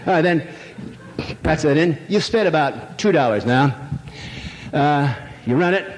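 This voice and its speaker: Speaking unhurriedly with lively intonation, this older man's voice runs a little high. He tells jokey, meandering stories full of fillers in an irreverent public lecture before a live audience. It's recorded in a big, echoey lecture hall with a trace of noise.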